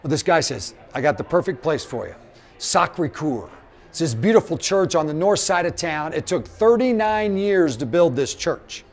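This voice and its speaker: A middle-aged man from Missouri giving a live motivational talk, telling stories, acting out the quotes and speaking straight to the audience. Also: a little high. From Missouri, USA. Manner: animated storyteller, acts out quotes, addresses the audience directly.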